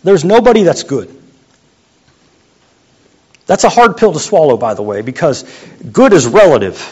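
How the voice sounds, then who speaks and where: A young adult man preaching a sermon as a youth pastor, in a conversational, joking way that sometimes drops to a quiet voice. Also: a little high, sing-song, moderate pace, slightly rough. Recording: muffled lo-fi sound.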